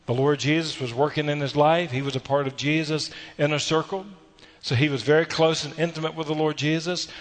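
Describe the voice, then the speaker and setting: A man's voice: fairly high pitch, steady tone, a little fast, in a large hall, a little hiss or hum. A man preaching a sermon, exhorting earnestly with repeated phrases and rhetorical questions. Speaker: pastor.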